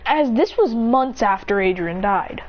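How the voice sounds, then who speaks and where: A woman narrating an improvised story in a rambling, breathless way, jumping up in pitch to voice the characters. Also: lively intonation, unhurried, lo-fi sound.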